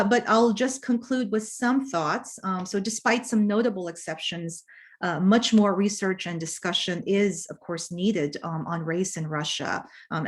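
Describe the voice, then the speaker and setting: A woman presenting her research as a panelist in an academic talk, measured and thoughtful, with frequent fillers and restarts. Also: mid-range voice.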